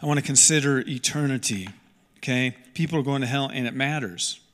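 A man's voice: mid-range voice, fairly quick, a bit bright, big-room sound. A man preaching a sermon as a pastor, earnest and emphatic, repeating key lines and restarting sentences as he goes.

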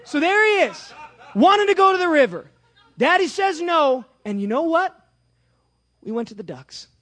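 A man in his thirties preaching a sermon with a personal story, animated and swinging from hushed asides to shouting. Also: extremely high pitch, normal speed.

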